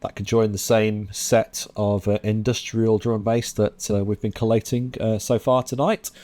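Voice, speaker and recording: A man hosting a show reviewing new drum and bass tracks, talking casually and bluntly with lots of fillers. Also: little pitch movement, moderate pace, dark tone. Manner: chatty and blunt, with frequent fillers and laughs. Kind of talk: casual commentary. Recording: music playing under the voice.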